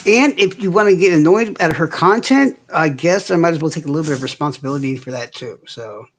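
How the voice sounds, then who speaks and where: A man's voice: on the high side, animated, a little fast, a little hiss or hum. A man hosting a casual livestream, ranting in heavy profanity and answering viewers' comments directly. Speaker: livestream host.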